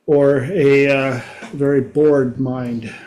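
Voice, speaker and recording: A man hosting his own talk show, telling stories in a folksy, unhurried way. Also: medium pitch, fairly even intonation, darkish tone. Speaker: podcast host. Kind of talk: casual monologue.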